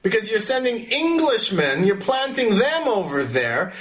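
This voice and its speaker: Animated high-pitched male teacher. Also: measured pace. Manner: questioning, animated, calls on students by name. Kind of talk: classroom history lesson.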